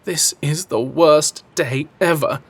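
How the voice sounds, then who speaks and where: Guy doing a prim british butler, fretful, kinda high and proper. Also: takes it slowly, husky, exaggerated voice. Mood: fretting. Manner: fretful, formal.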